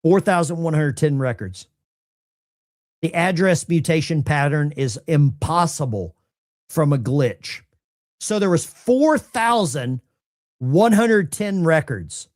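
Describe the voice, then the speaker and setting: A man hosting live political commentary, incredulous and animated, talking straight to his chat. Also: fairly high pitch.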